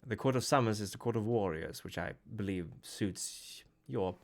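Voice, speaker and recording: Low-voiced man running a tabletop game. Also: moderate pace, a crowd in the background. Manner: hesitant, thoughtful narration with fillers. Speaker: game master.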